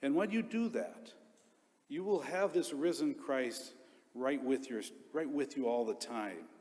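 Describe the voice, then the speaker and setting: A deacon delivers a homily in a middle-pitched voice, a man speaking earnestly in short, paused phrases. His words ring out with the long reverb of a church around him. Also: a little mellow.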